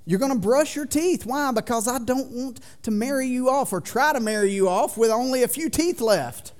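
A man in his thirties preaching a sermon in a church, folksy and joking with the congregation, swinging from loud to quiet. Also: very high voice, moderate pace. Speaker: pastor. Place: church sanctuary.

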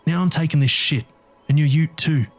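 A man's voice: fairly high pitch, normal speed, faint music behind, voice pushed up, close to an everyday voice. A man voicing an aggressive, strung-out young male addict who is crude, taunting and desperate.

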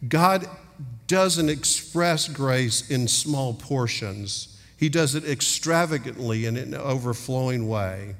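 A man's voice: mid-range voice, lively intonation, slow pace, fairly bright tone. A middle-aged man preaching a sermon earnestly, acting out little dialogues as he speaks. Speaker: pastor. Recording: long hall reverb.

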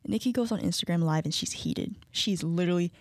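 A woman's voice: fairly low pitch, a little fast, dry recording, studio quality. A young woman co-hosting a casual gossip chat, telling the story with lots of quoting and laughter. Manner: animated storytelling, quotes others, laughs often. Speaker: co-host.

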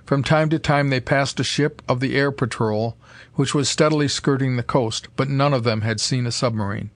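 A man narrating an old adventure story in a steady, measured reading voice. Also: mid-range voice, no room sound. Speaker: audiobook narrator. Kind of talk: scripted narration.

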